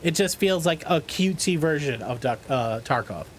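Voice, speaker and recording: A man's voice: fairly high pitch, moderate pace, a little hiss or hum. A man streaming a game live, joking and swearing with his chat and reading out trivia questions between bits of play. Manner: animated, profane, joking with chat; reads trivia questions aloud.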